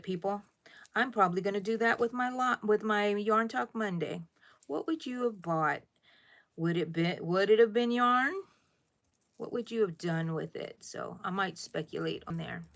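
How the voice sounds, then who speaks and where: Her voice is mid-range and fairly bright as this middle-aged woman hosts a relaxed crochet livestream. She talks with viewers, answers what they write and often calls them "people."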